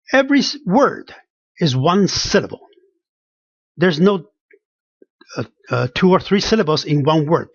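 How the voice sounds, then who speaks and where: Male teacher, slow careful pronunciation lesson, dry and dull recording. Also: sits high, dry recording. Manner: slow, careful, repeating sounds with pauses. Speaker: language teacher. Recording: dull, lo-fi sound.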